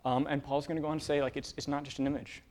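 A man preaching a casual sermon, talking in halting bursts full of fillers and restarts. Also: a little high, flat delivery, a little mellow. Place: church with a room of divinity students.

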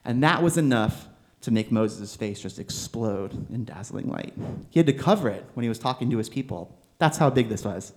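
A man preaching a sermon in a conversational, animated way, using filler words as he goes. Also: medium pitch, moderate pace, few pauses. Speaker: pastor.

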